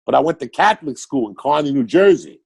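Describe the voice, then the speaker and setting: An older man from Cuba, raised in New York City, with a New York accent, telling stories in a profane, excitable podcast chat as a guest comedian. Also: mid-range voice, fast talker, gravelly, slightly rough.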